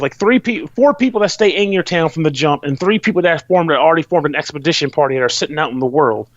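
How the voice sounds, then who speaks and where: A man's voice: a little high, dry recording, dull audio. Rambling, profane male podcast host. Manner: rambling, loose and profane, laughs often. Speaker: podcast host reviewing a game. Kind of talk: casual chat.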